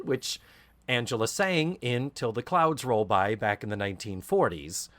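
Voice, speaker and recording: A man co-hosting a podcast chats casually and theatrically, slipping into put-on voices to quote scenes. He has a mid-range, fairly bright voice and speaks a little slowly.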